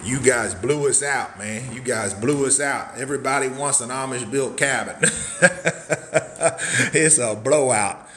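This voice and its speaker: A man in his forties giving a casual walkthrough of a prefab cabin, folksy and hyped up, shouting catchphrases and whooping between points. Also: medium pitch, normal speed, hardly any pauses, a little hiss or hum. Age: 40s. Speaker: cabin seller and social media host.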